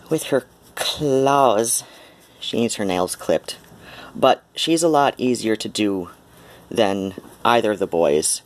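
A man at home filming his cats, talking to them in a soft sing-song baby talk. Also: lowish voice. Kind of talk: casual cooing talk to pets. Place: home indoors. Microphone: handheld camera.

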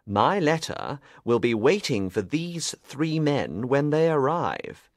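A man playing a sharp, determined detective in an audiobook, speaking clearly and deliberately. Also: mid-range voice, big pitch swings, no room sound, clean studio sound. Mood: explaining. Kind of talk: audiobook reading.

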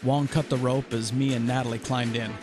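A man with a medium-pitched voice narrates a first-person adventure story for a podcast, speaking fairly quickly and steadily with music underneath.

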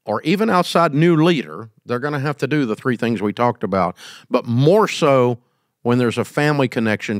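A man's voice: mid-range voice, expressive, a little fast, no echo, clean studio sound. A middle-aged man, hosting and giving business advice in a casual, folksy, emphatic way. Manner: folksy, emphatic, acts out quoted scenes.

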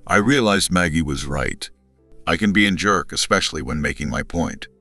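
A man's voice: deep voice, normal speed, sharp tone, no echo, faint music behind. A man narrating a first-person story in a cold, sarcastic manner.

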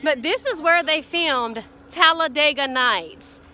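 A woman's voice: sits high, slow, bright, forceful tone. A woman co-hosting a casual road-trip vlog, chatting to viewers and calling them "y'all," filmed on a phone in the car and at outdoor stops. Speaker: vlog co-host.

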